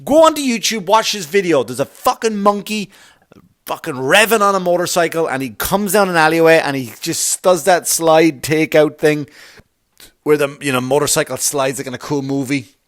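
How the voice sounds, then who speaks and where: Man, middle-aged, comedian riffing alone, swears a lot, slightly high voice, lively delivery. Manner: swearing, animated, jumps into quick voices for bits. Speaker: comedian podcast host. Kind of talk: rambling comic monologue.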